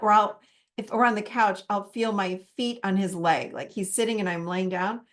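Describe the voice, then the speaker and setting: A woman with a medium-pitched voice, fairly even intonation, and a moderate pace teaches a live masterclass. She is warm and conversational, acting out the little inner dialogues she has with herself.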